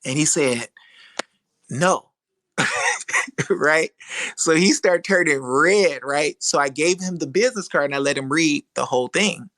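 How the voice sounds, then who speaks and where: A man's voice: fairly high pitch, measured pace, fairly bright tone, no room sound. A man who hosts legal webinars, telling a story on a live audio chat and acting out the dialogue. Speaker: host of a legal webinar group. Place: live online audio room.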